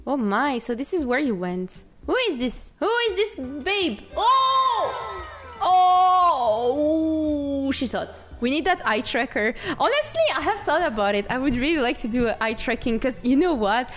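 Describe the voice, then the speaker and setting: A woman streaming a game, reading its text aloud and breaking into giggly, excited outbursts. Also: on the high side, a little fast, few pauses, some chatter behind. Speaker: VTuber streamer.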